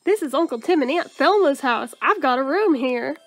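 A bubbly, horse-loving young heroine from a video game, read aloud by a woman. She chirps along in a high voice, eager and upbeat. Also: lively intonation, normal speed, no echo.

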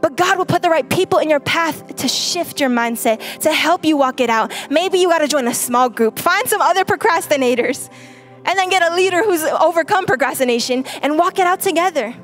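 A woman's voice: sits high, animated, brisk, soft background music. A young adult woman preaching a sermon to a congregation, emphatic and direct, repeating her key lines. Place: church stage.

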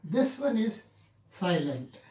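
A man teaching English pronunciation in a classroom lecture, saying each example word several times in a drawn-out, deliberate way. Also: high voice, sing-song, mellow. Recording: echoey room.

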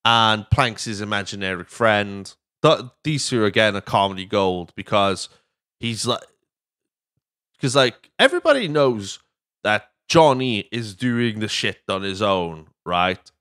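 A man's voice: lowish voice, expressive, measured pace, a bit bright, no room sound, studio quality. A young man hosting a podcast in casual chat, rambling and jokey and swearing freely. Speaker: podcast host.

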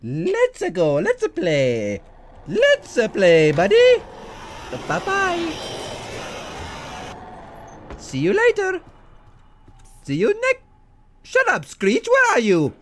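A man's voice: extremely high pitch, huge pitch swings, drawn-out words, long pauses, background noise, voice pushed up, exaggerated voice. A man voicing a cheery, boastful cartoon plumber in sing-song squeals while commenting on a video game. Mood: gleeful teasing. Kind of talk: gaming commentary in character.

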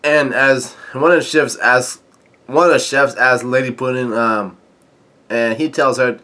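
A man recapping and commenting on a comic chapter in a casual, halting way, with lots of filler sounds and restarts, reading quoted lines mostly flat. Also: mid-range voice. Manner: halting, stop-start delivery with frequent filler sounds. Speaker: manga chapter reviewer.

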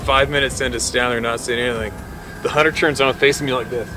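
A man who works as a hunting guide tells a tense story in a vivid, excitable way, laughing often between phrases and swearing casually. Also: mid-range voice, fast. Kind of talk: animated storytelling. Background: music.

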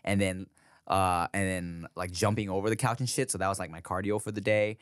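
A man's voice: sits low, fairly even intonation, fairly quick, smooth, no room sound, studio quality. A man hosting a podcast who tells stories about being a father in casual, swear-filled chat and laughs often. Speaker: podcast host.

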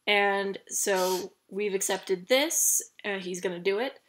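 A woman's voice: medium pitch, slow, fairly bright tone. A young woman vlogger telling a casual, chatty story about a park visit, full of fillers and asides.

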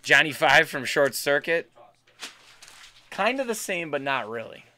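A man's voice: a little high, very animated, a little slow, sharp tone. A man hosting a live card break stream, chatting casually and bantering with viewers as he opens packs. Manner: chatty, upbeat, banters with chat.

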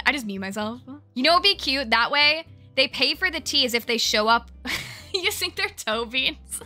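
A woman's voice: high voice, expressive, normal speed, sharp tone, faint music behind. A young woman streaming a cozy game, chatting nonstop and giggling. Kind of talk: casual live-stream chat.

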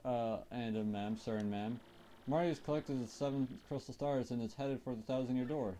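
A man's voice: medium pitch, normal speed, warm tone, a little hiss or hum, close to an everyday voice. A man voicing a flustered, stammering little winged mushroom soldier reporting to his boss.

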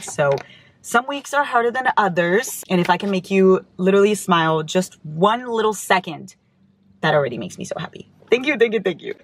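Gushing woman in a casual book vlog. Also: lowish voice. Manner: gushing and affectionate, swears casually; reads fan notes aloud. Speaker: book vlogger.

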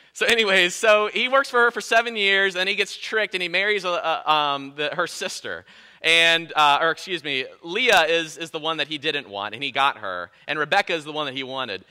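A male pastor preaching a sermon in a lively, conversational way, with self-deprecating jokes. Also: a little high, clean tone.

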